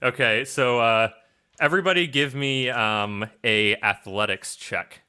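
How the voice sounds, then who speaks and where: A man narrating a tabletop game as game master, in loose, halting narration full of fillers. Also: mid-range voice, bright, forceful tone, clear, resonant tone.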